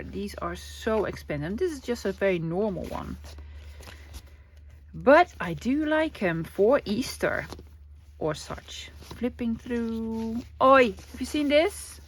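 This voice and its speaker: A woman's voice: mid-range voice, a little hiss or hum. Gushing woman. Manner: gushing, chatty, exclaims "oi". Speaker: craft vlogger. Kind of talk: casual show-and-tell.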